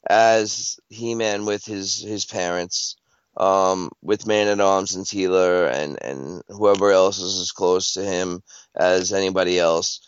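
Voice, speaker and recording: Guy on a podcast, kinda low smooth voice, lots of ums and repeats, dry dull lo-fi sound. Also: steady tone, no room sound. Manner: halting, many fillers and repeats. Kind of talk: casual chat.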